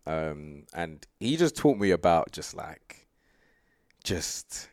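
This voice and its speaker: A man's voice: sits low, takes it slowly, no room sound, studio quality. A young man, chatting loosely as an interview guest, with plenty of fillers. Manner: relaxed, rambling, full of fillers and laughs. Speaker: guest sprinter. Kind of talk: casual interview chat.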